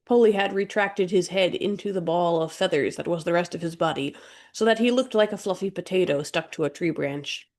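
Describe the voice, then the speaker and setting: Low gravelly woman narrating. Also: fairly quick, darkish tone. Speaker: audiobook narrator. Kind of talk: scripted narration.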